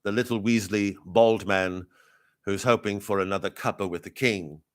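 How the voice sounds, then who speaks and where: A man riffing as a pompous royal correspondent in a rambling, deadpan, improvised satirical live commentary. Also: lowish voice, normal speed. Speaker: comedian in character as a royal correspondent.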